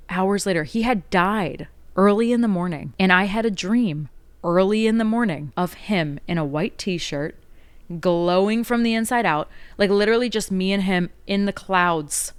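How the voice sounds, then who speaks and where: A woman hosting her own podcast, rambling along in a chatty, casual way and often correcting herself mid-sentence. Her voice sits a little low and sounds smooth and resonant. It is recorded close and dry, with no room sound. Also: no echo. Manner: chatty, rambling, heavy on "like", frequent self-corrections. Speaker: podcast host. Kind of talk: casual spiritual monologue.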